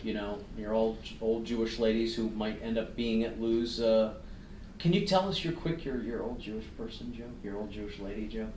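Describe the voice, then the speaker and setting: A man's voice: fairly low pitch, normal speed, darkish tone, roomy sound, far from the mic, a little hiss or hum, poor audio. A man hosting an interview show, introducing his guest with hammy enthusiasm. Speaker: podcast host. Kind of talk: casual interview.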